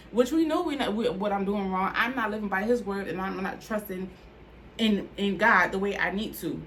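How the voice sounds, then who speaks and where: A woman's voice: medium pitch, normal speed, fairly bright tone, a little hiss or hum. Candid woman vlogger sharing her faith story. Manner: candid, conversational, heartfelt, with frequent "like" fillers. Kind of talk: personal testimony vlog.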